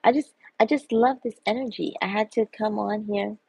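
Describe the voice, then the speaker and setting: A woman's voice: mid-range voice, fairly even intonation, normal speed, vocal fry, darkish tone, a little hiss or hum, poor audio. A woman chatting on a live stream in a playful, sing-song way, full of giggles and repeated catchphrases. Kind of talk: casual live stream chat.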